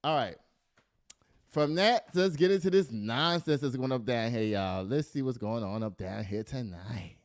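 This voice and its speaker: A middle-aged man hosts casual news commentary, animatedly reading stories aloud and then riffing on them with laughter. His medium-pitched voice moves at normal speed, and the recording is dry with clean studio sound.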